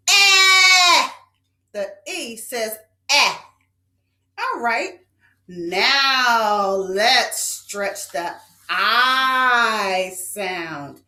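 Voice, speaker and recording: A woman teaching young children phonics, sounding out vowels slowly and with exaggeration, sing-song and encouraging. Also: high voice, pushed and bright, echoey room.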